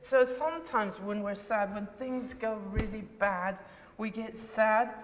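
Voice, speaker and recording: A woman's voice: medium pitch, measured pace, slight background noise. A woman leading a children's talk at a church service, asking questions and encouraging the children in simple words. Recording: reverberant church interior.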